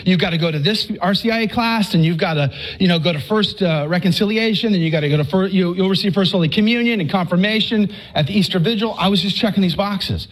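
Man, middle-aged, from texas, high voice, lively testimony storytelling. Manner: animated storytelling with acted-out quotes and stammers. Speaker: speaker giving a faith testimony. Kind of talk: storytelling testimony talk to an audience.

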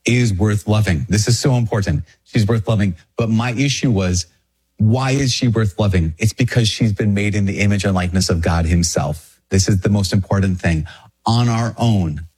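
Husky, low-voiced priest preaching casually. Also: male voice. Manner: energetic, conversational, jumps into pitched-up quoted voices. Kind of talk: podcast homily.

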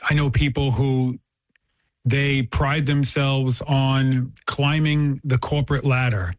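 A man's voice: medium pitch, level tone, slow pace, no echo. A man in casual conversation, earnestly explaining faith ideas and telling a story. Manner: earnest, storytelling, frequent restarts. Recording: dull, dry lo-fi recording.

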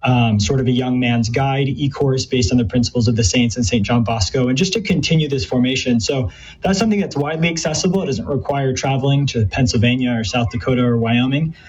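A man's voice: mid-range voice, fairly quick, a little mellow, a little hiss or hum. A man answering interview questions about ministry in an earnest, thoughtful way, with frequent fillers and restarts. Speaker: guest from a Catholic youth ministry. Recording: dull lo-fi sound.

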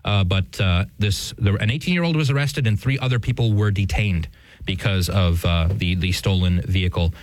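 A podcast co-host with a low voice offers casual news commentary at a moderate pace, recorded dry, close, and in low quality. He chuckles often and fills his speech with lots of fillers and restarts.

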